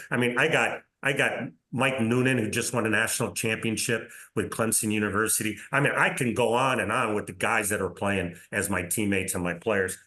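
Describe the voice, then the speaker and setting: Older man telling lively stories in a roomy space. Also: lowish voice. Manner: animated anecdotes with reported dialogue and tag questions. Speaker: interview guest, soccer league commissioner. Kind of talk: casual storytelling in a podcast interview. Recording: roomy echo.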